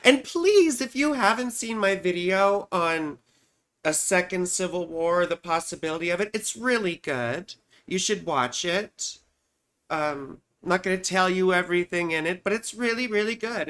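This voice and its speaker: A woman's voice: fairly low pitch, moderate pace, a bit bright. A woman hosting a casual livestream from home, chatty and rambling, often tagging her explanations with little check-ins to the listener. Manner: rambling, chatty, peppers explanations with "you see" and "right". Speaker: astrologer host.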